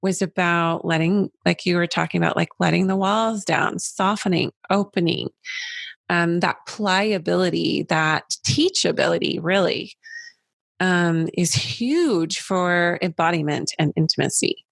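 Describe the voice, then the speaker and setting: A woman in her forties hosting a casual interview, chatty and quick with asides and laughter. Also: fairly low pitch, creaky, dry recording. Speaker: podcast host.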